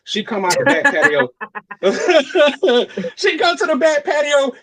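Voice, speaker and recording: A man's voice: very high-pitched, a little fast. A young adult man co-hosting a podcast, telling a long story in casual, profane chat and acting out the other people's lines. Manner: animated, profane, acts out quotes in other voices. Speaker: podcast co-host.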